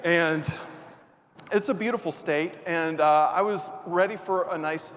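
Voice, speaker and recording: A male motivational speaker tells a comic story on stage. He has a fairly high voice, full of animated, self-deprecating bursts. The sound has a long hall reverb with a faint room hum underneath. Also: measured pace. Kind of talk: live keynote storytelling. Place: stage before a live audience.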